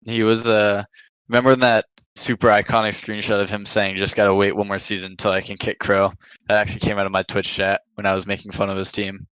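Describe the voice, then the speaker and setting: A man on a podcast as the guest, chatting casually and trailing off into quiet mumbles. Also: lowish voice, flat delivery, fast, smooth, no echo, poor audio. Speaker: podcast guest, pro esports player. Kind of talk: casual chat.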